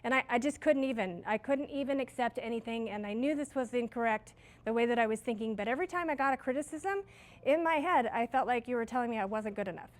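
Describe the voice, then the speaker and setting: A woman's voice: on the high side, fast. A middle-aged woman who manages a restaurant, giving her staff a casual, story-filled training talk on leadership. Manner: casual, chatty, self-deprecating with stories.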